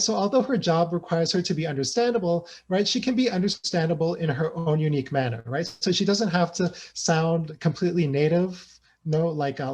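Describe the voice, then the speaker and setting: A man gives an academic talk over a video call. His voice sits a little high, and he keeps checking in with his listeners with "right?" and "you know" as he goes. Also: a little mellow. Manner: reads interview excerpts aloud. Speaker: academic speaker.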